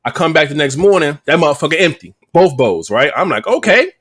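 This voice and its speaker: High-ish animated guy on a podcast, swings his voice all over, cussing and slangy. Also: quick pace. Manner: animated storyteller, profane slang-heavy. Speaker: podcast co-host. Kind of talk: casual chat.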